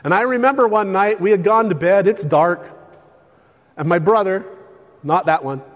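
An older man preaching a sermon, telling stories with lively swings between loud and hushed delivery. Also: high-pitched, normal speed, long reverb tail.

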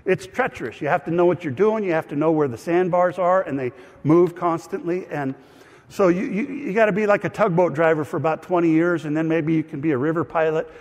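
A man's voice: a little high, fairly quick, long reverb tail. A man, a pastor, telling a personal story in a sermon with a conversational, self-deprecating style.

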